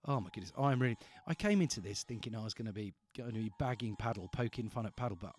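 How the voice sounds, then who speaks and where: A man's voice: fairly low pitch, lively intonation, fast, darkish tone. A male radio host in casual chat, rambling and playful, often restarting his sentences in a studio.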